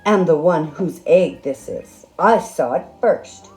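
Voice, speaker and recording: A woman's voice: low voice, expressive, slow pace, a little mellow, soft background music. A woman voicing a fussy, bossy male duck in a storybook read-aloud, huffy and boastful.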